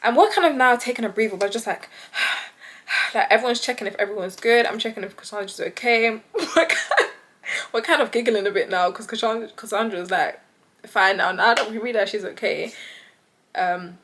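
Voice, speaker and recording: Young British woman vlogger, fairly high voice, lively storyteller who acts out every voice. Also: brisk. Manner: animated, acts out quoted voices with big pitch jumps. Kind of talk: storytime vlog.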